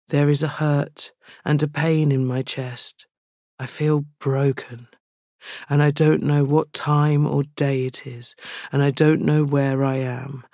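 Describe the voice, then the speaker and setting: Male poet, confessional spoken word, slow and level, dry close sound. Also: on the high side, dry recording. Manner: slow, even, intimate delivery.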